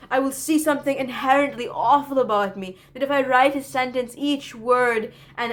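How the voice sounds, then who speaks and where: An earnest young woman in her early twenties talking through her feelings in a confessional vlog. She sounds reflective and self-deprecating, with a slightly high voice. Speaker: college student vlogger.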